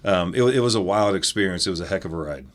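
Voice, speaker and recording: A man in his forties from the American Midwest, an animated and chatty storyteller telling stories as an interview guest. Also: low voice, fast talker. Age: 40s. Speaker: former football player, interview guest. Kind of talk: casual interview.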